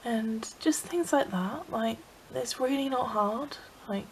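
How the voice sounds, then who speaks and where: Tearful young woman with a gravelly edge. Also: on the high side, takes it slowly, a little hiss or hum, poor audio. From England. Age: young adult. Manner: emotional, tearful, frequent "like" fillers. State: crying. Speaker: vlogger. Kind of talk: confessional vlog.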